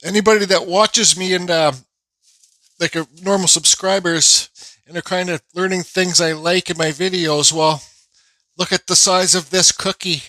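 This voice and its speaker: Man, woodcarving vlog host, casual rambling talk, fillers and restarts, feeling unwell, bright tone, dry close sound. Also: high-pitched, steady tone, normal speed, no room sound, rough recording.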